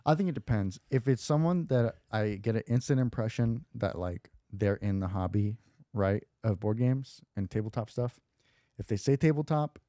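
A man co-hosting a casual podcast, teasing the others with jokey, quick comebacks. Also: fairly low pitch, expressive, dark tone, no room sound, clean studio sound. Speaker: podcast co-host. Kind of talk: casual chat.

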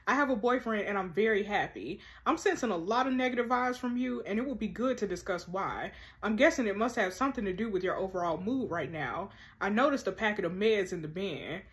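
A woman reads a chat story out loud and keeps cutting in with her own heated remarks. She is sassy and animated, with quick-tempered, slangy asides between the messages. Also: mid-range voice. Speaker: host. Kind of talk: reading a text-message story game aloud with reactions.

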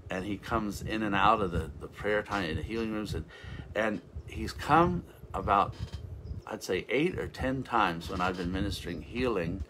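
A man's voice: on the low side, expressive, normal speed, noisy background. A man giving an informal, rambling sermon as a revival minister, with frequent restarts and interjections of praise.

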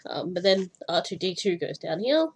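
Young aussie woman rambling about stitching, kinda husky, sounds a bit out of breath, lots of ums. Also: on the low side, sing-song, normal speed. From Australia. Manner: rambling, many fillers, self-deprecating. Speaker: cross-stitch vlogger. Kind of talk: casual chat.

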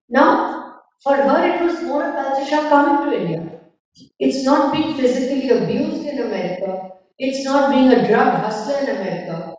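A woman's voice: on the high side, darkish tone. A middle-aged woman author, talking bluntly and emphatically as a guest at a festival conversation, acting out the people she quotes. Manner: emphatic, blunt storyteller who acts out quotes. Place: festival hall. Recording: echoey hall, voice from far off.

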